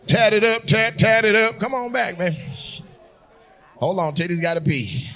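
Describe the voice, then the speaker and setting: A male stand-up comedian doing loud, teasing crowd work, often laughing as he talks. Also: sits high, moderate pace.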